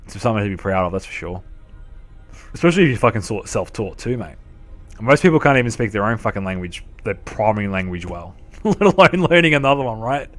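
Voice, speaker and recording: A young Australian man casually calls a game live on stream, chatting to viewers with plenty of swearing. He speaks at a quick pace in a fairly low, sing-song voice.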